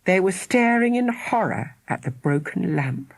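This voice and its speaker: A woman reads a children's story aloud with expressive, lively intonation and dramatic pauses. Her voice is slightly husky. The recording is close and dry. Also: on the low side, dry recording. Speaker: audiobook narrator. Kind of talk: scripted narration.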